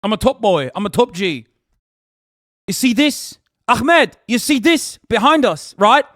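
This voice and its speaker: A man mocking up a bragging male kingpin wannabe, pushed high and loud with a slow, swaggering drawl. He boasts like a self-styled hustle guru, every line a sales pitch. The recording is dry and close. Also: sing-song, no echo, full character voice. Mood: boastful.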